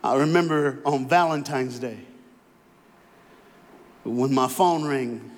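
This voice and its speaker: A male preacher from Florida giving a sermon, swinging from quiet storytelling into fervent, sing-song call-and-response. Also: medium pitch, takes it slowly. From Florida, USA. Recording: long reverb in a large hall.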